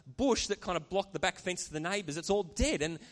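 A man's voice: sits high, lively intonation, brisk, long reverb tail. A man preaching a sermon as pastor, earnest and conversational, with chatty asides to the congregation. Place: church.

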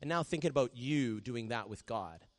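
A man preaching a sermon in a conversational way, often dropping to a soft hush when he quotes a prayer. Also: medium pitch, expressive, moderate pace. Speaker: pastor.

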